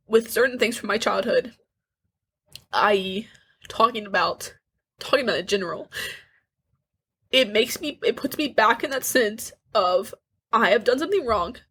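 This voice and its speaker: An eighteen-year-old woman co-hosting a candid podcast, talking earnestly and haltingly, with frequent restarts and nervous little laughs. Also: a little high, a bit bright, breathy edge. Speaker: podcast co-host.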